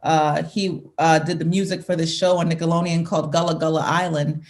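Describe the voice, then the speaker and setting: A woman's voice: low voice, level tone, a little fast, a little mellow. A woman in her thirties, a singer talking as an interview guest, reminiscing casually, laughing often and restarting her sentences.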